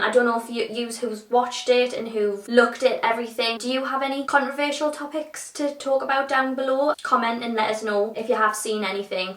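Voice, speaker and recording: Young british woman chatting on her vlog, kinda high voice, echoey room. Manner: chatty, animated, informal. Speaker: vlogger reviewing a TV show. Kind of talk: casual chat.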